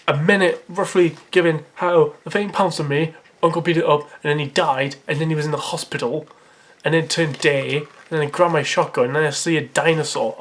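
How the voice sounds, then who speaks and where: A man reads his childhood story aloud as comedy. He keeps interrupting himself with sarcastic, mocking remarks and laughs at the writing. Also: a little high. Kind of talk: comedic dramatic reading with commentary.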